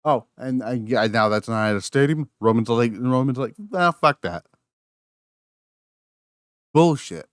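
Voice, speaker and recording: A man's voice: mid-range voice, normal speed, few pauses, clean tone, no echo, clean studio sound. An angry man, hosting a podcast alone and ranting with constant swearing and restarts. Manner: angry, profane, repeats words and restarts. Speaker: podcast host. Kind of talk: solo rant review.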